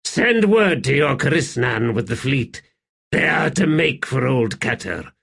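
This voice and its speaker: A man's voice: mid-range voice, very animated, a little slow, vocal fry, a bit bright, slightly rough, voice pushed up, exaggerated voice. Man doing a tormented undying emperor. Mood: anguished. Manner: strained, raised, broken phrases. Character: anguished undying male warrior emperor.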